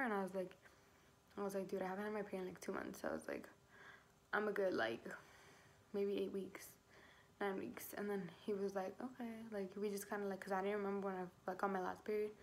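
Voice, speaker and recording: A young woman with a middle-pitched voice tells her own story for a storytime vlog, acting out what she said at the time. Her talk is loose and casual, packed with "like" and frequent swearing, and a faint hiss sits behind her.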